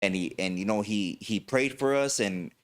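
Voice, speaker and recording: A man's voice: on the low side, normal speed. Slangy man telling stories. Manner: slangy, rambling storyteller. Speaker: podcast host. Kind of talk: casual podcast storytelling.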